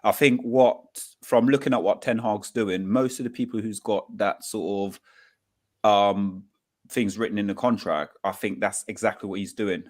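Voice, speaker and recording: Low-voiced man thinking aloud. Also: steady tone, moderate pace, darkish tone. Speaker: podcast co-host. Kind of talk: casual football podcast chat.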